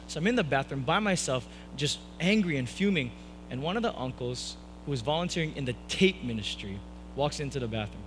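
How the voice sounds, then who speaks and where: A young man preaching a sermon, telling a personal story with animated delivery and acting out the voices of the people in it. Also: medium pitch, fairly quick, a little hiss or hum, poor audio. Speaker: pastor. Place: church hall, live stream.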